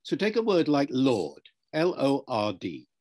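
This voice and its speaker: Husky older man explaining patiently. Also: mid-range voice, huge pitch swings, a little mellow. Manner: measured, lecturing, spells out words and demonstrates pronunciations. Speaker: linguist being interviewed. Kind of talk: explanatory interview answer.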